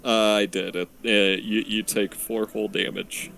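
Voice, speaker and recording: A man's voice: fairly low pitch, level tone, moderate pace, gravelly, a bit bright, slight background noise. A man playing a tabletop game, speaking in an offhand, hesitant way. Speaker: player.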